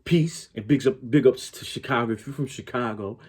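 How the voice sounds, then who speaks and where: A man's voice: mid-range voice, fairly quick, darkish tone, husky. A man hosting a reaction channel, rambling casually and swearing freely.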